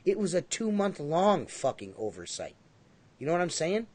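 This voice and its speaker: High-voiced, profane podcast host. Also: male voice, sing-song, moderate pace, a little mellow. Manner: profane, rambling, emphatic. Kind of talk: casual livestream chat.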